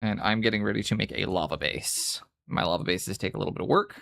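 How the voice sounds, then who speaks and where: A man's voice: lowish voice, fast talker, vocal fry, a bit bright, no room sound, clean studio sound. A young man from Canada's West Coast with a mild Western Canadian accent, chatting casually on a live stream while he paints miniatures, in a laid-back, mumbling way with casual swearing.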